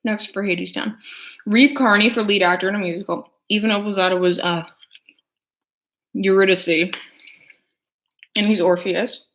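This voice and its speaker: A young adult woman vlogger chats casually while eating, rambling with plenty of filler words. Her mid-range voice is fairly bright, with fairly even intonation, a moderate pace, and long pauses.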